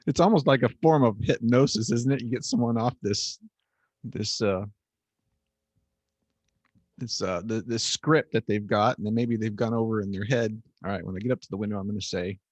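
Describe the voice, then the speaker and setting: A man's voice: on the low side, normal speed, no room sound. A man hosting a podcast, reacting to a guest's story in an amused, reflective way. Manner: amused, reflective, trailing off into laughs. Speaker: podcast host. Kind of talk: casual chat.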